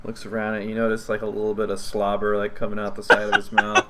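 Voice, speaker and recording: A man's voice: lowish voice, monotone, very noisy. A man narrating a tabletop game as game master, in a casual way with lots of "like". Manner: slow, casual narration with filler "like".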